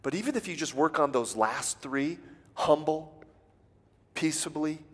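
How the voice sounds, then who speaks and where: A man's voice: fairly high pitch, lively intonation, a little slow. A man giving a folksy sermon as a guest preacher, acting out little everyday exchanges. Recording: long hall reverb.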